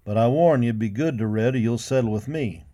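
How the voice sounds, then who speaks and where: A quiet, steady cowhand with a slow, resigned drawl, as a man puts him on. His voice is mellow and calm, set in a storybook western. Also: medium pitch, natural voice.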